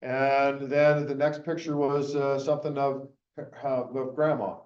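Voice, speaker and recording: This conference keynote comes from a middle-aged man who rambles conversationally, restarting often and using many fillers. His mid-range voice is level and a little mellow, and he speaks a little slowly, captured in a muffled, echoey recording from a distance.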